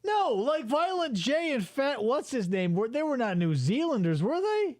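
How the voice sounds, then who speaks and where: A man hosting a comedy podcast, reacting to old TV ads with animated joking and swearing. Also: very high-pitched, normal speed, no echo, studio quality. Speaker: podcast host. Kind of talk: casual comedic commentary.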